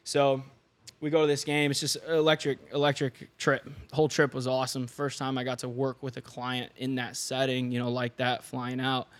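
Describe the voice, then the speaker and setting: Animated young man telling a story. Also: medium pitch, moderate pace. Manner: animated, laughs often, acts out quoted dialogue. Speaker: podcast guest, online fitness coach. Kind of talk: casual storytelling chat.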